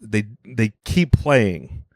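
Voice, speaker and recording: A man's voice: lowish voice, big pitch swings, very slow, vocal fry, no echo, clean studio sound. A man co-hosting a comedy podcast, telling rambling stories and acting out quotes, grumbling that he hates everything. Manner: rambling storyteller who acts out quotes; grumpy self-declared hater. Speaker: podcast co-host. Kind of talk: casual comedic chat.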